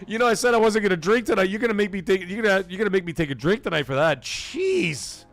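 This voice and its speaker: Loud swearing stream host guy, kinda high pitched, gravelly, laughs a lot. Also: big pitch swings, fast talker, dry recording, soft background music. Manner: swears freely, laughs a lot, reads chat messages aloud. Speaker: livestream host. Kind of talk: casual livestream chat.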